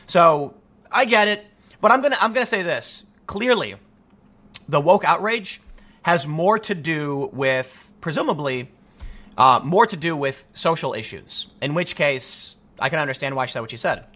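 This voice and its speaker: A man's voice: a little high, animated, moderate pace, bright, forceful tone. A man giving an opinionated political monologue, emphatic and often repeating words as he builds his points. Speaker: political commentator.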